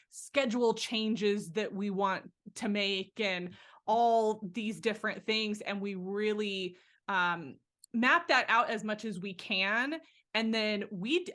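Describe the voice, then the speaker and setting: A woman's voice: mid-range voice, fairly bright tone. A woman hosting a career podcast, speaking in an enthusiastic, upbeat way. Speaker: podcast host and career coach. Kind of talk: podcast interview.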